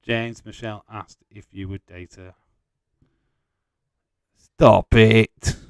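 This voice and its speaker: Slow and level, with vocal fry and a slightly mellow, smooth tone, a lowish-voiced man runs a live watch-along on a dry recording. He reads viewer chat, teases people, and calls out match updates in casual commentary, swearing freely throughout.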